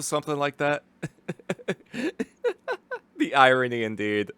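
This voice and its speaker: A man's voice: mid-range voice, animated, slow pace, sharp tone, clear, resonant tone, dry recording. A man casually commenting as a streamer, rambling with lots of fillers and restarts and laughing easily. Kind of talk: casual live watch-along commentary.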